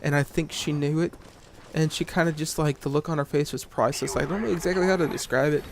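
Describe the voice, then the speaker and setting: A man's voice: a little high, fairly even intonation, fast talker, creaky. A young man casually telling a story over gameplay, ranting and swearing with lots of restarts and fillers. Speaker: gaming video creator. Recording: gunfire from game audio behind.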